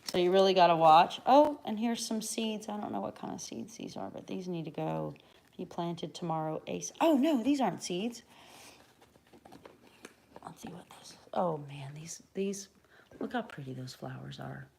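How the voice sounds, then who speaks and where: A middle-aged American woman hosting a craft livestream in a chatty, rambling way, dropping to soft mutters and then bursting out loud. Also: on the low side, lively intonation, moderate pace, gravelly. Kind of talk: casual live-stream chat.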